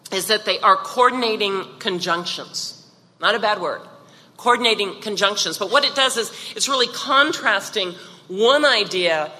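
A woman's voice: mid-range voice, bright, forceful tone, big-room sound. A woman giving a devotional talk in a casual, joking manner, with many asides to listeners. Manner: chatty, joking, many "you know" asides. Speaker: devotional speaker.

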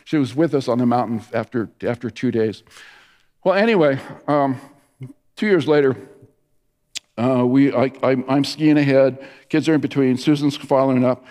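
A man's voice: mid-range voice, moderate pace, darkish tone. A middle-aged male pastor giving a sermon, telling stories with many restarts and fillers. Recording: long reverb of a large hall.

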